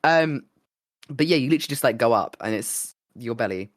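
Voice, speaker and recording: Guy a bit hoarse, excitable rambly podcast chat, dry mic. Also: medium pitch, fairly quick, dry recording. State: slightly hoarse with a cold. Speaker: podcast co-host. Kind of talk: casual chat.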